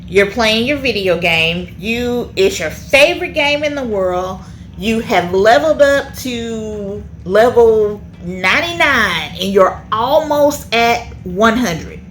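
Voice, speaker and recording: Lively woman teaching a children's lesson. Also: fairly high pitch, slow pace, a little hiss or hum. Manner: animated, checks in often with "okay?".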